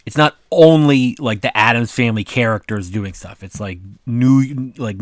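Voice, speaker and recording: A man's voice: lowish voice, dry recording. Rambling man with a dry close sound. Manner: rambling, full of "like" and "uh" fillers. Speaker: cartoonist presenting his own work. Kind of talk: casual vlog commentary.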